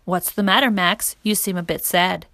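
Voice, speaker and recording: Kindly storybook fireman, calm and earnest, dry close sound, in a woman reader's own voice. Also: fairly low pitch, moderate pace, gravelly, no room sound. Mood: gentle. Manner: gentle, reassuring, earnest.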